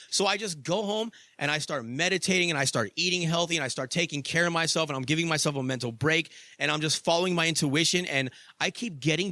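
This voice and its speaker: A man's voice: a little high, pushed and bright, no echo, studio quality. A young adult man hosting a podcast, telling a story in a casual monologue, swearing freely and padding with "like" and "you know.". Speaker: podcast host.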